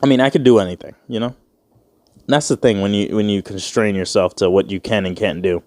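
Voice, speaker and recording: Talking a little fast in a steady, darkish voice on the low side, this man in his twenties hosts a solo podcast. He rambles, jokes, swears a lot and voices the people he quotes. The recording is dry.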